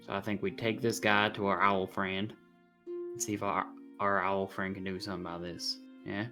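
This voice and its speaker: A man at a tabletop game, talking casually and excitedly in a lowish voice. Loud music plays behind him throughout. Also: normal speed. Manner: excitable, blurting. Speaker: player.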